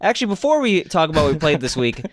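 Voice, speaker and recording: A man's voice: fairly high pitch, very animated, racing. A man co-hosting a gaming podcast, chatting in a casual, teasing, jokey way over a remote call. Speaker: podcast co-host. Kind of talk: casual banter about video games. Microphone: remote call recording.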